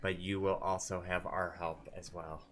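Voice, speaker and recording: A man's voice: deep voice, level tone, moderate pace, a bit bright, a little hiss or hum. A man voicing a smug female wereraven spy in a tabletop game.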